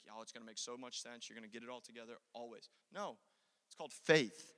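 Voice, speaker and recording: A young man preaching a sermon in a church, swinging from loud passionate peaks to quiet conversational asides. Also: mid-range voice, big-room sound.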